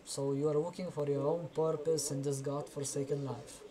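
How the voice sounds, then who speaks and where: A man hosting a casual chat, opening with a lively, playful intro and then asking teasing questions. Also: fairly high pitch, moderate pace, a crowd in the background. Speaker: host.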